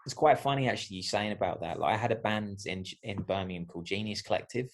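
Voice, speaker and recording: Male podcast guest, fairly low voice, thoughtful and meandering. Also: fast talker, slight background noise. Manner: reflective, rambling, many fillers. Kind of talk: casual podcast chat.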